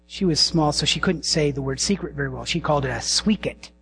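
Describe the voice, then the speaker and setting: A middle-aged man preaching a sermon and leading a prayer, speaking slowly and intimately and dropping to hushed whispers. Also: a little high, a little hiss or hum. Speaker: pastor.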